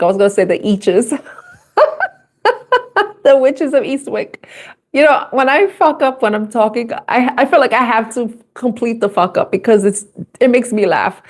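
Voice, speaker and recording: A woman's voice: mid-range voice, a little mellow. A young adult woman doing a live intuitive tarot reading, chatty and casual, laughing often and swearing freely. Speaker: tarot reader.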